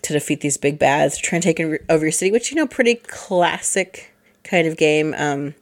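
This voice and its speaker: A woman co-hosting a board game podcast in casual chat, hoarse from allergies, chatty with many fillers and laughs. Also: low-pitched, moderate pace. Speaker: podcast co-host.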